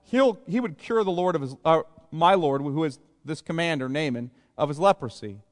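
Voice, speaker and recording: Man, pastor, sermon, plain conversational paraphrase, somewhat high pitch, echoing church hall. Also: expressive, normal speed. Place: church sanctuary.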